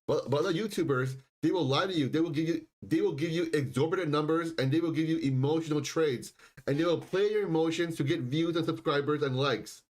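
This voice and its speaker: Guy hosting a live stock stream, kinda high voice, keeps repeating himself and clearing his throat. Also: brisk. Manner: insistent, repetitive, frequent throat clearing. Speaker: livestream stock and crypto host. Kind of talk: live market commentary.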